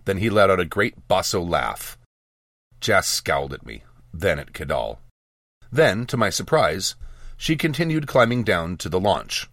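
A man with a low voice narrates a first-person fantasy audiobook, his pitch moving widely through the telling. The recording is close and dry, with no room sound. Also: sing-song, unhurried, fairly bright tone, no room sound.

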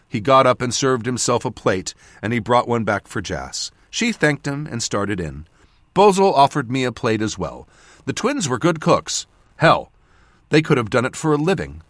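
A man narrating a fantasy audiobook in the first person with expressive storytelling. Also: lowish voice, normal speed, no echo, clean studio sound.

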